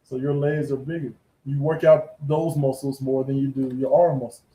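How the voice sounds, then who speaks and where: A man's voice: medium pitch, flat delivery, moderate pace, dark tone, reverberant, rough recording. A man hosting a sports podcast, talking in a playful, chatty way. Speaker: podcast host. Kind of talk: casual sports talk.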